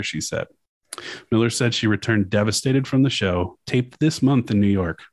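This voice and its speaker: Low-voiced man on a dry mic. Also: no room sound. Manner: casual, profane, halting with fillers. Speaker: podcast host. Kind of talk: casual chat reading news quotes aloud.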